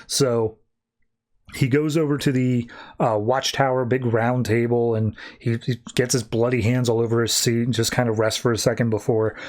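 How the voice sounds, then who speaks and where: A man's voice: mid-range voice, steady tone, normal speed, a little mellow. A man hosting a podcast, casually recapping a comic book in a chatty way, with lots of fillers. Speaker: podcast host.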